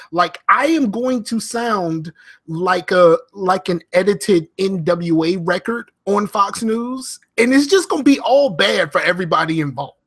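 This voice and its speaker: A man co-hosts a casual podcast over a remote call, his voice sitting a little high. He tells stories animatedly and stalls on frequent fillers. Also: a bit bright, breathy edge. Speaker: podcast co-host.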